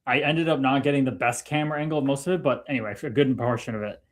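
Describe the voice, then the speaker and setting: A man on a live-streamed chat, spinning anecdotes with animated, excitable energy. He swears freely and keeps his tone loose and conversational. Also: medium pitch, very fast. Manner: animated storyteller, profane, excitable. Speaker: guest.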